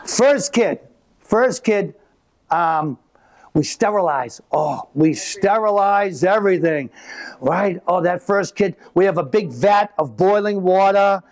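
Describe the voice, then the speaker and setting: A middle-aged man performing live stand-up comedy, telling animated stories and acting out voices. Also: sits high, a little slow. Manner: animated storytelling with acted-out voices. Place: live venue with an audience.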